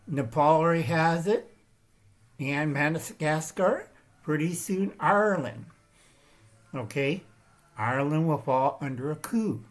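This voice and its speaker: A man hosting his own channel, talking through a rambling, emphatic political commentary monologue, often checking in with "Okay?" and "All right?". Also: fairly high pitch. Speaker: channel host.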